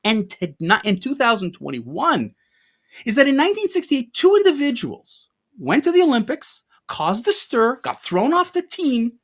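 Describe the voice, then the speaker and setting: A man co-hosting a sports talk show, delivering an emphatic rant. His pitch swings widely as he piles up rhetorical questions and leans hard on his points. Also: huge pitch swings, moderate pace, fairly bright tone. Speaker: co-host. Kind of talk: opinion rant podcast.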